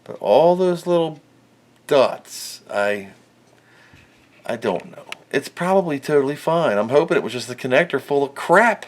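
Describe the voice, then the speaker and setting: A man with a fairly high, animated voice speaks a little slowly while hosting his own electronics repair videos. Working at a repair bench, he narrates casually, rambling, mocking himself, and muttering as he goes.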